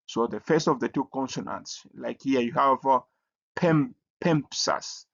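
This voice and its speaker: A man teaching a recorded language lesson, pausing often with fillers and repeating the key rules. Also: medium pitch, creaky, fairly bright tone. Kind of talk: recorded lecture. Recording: dull lo-fi audio.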